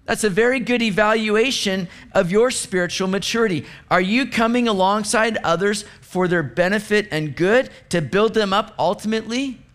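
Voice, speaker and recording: High-voiced man preaching a sermon. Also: normal speed, few pauses, fairly bright tone. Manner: conversational preaching with asides and light sarcasm. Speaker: pastor.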